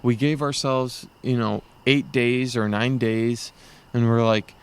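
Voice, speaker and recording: A man guest on a casual podcast, telling lively stories and acting out what people said. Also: mid-range voice, takes it slowly, clear, resonant tone. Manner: animated storytelling, acting out quotes. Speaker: guest cyclist.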